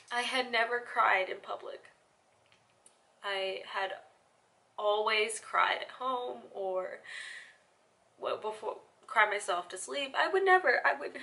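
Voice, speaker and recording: Young woman vlogger, bright tense tone, emotional and halting, fading to near-whispers at times. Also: sits high, gravelly. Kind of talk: confessional personal vlog.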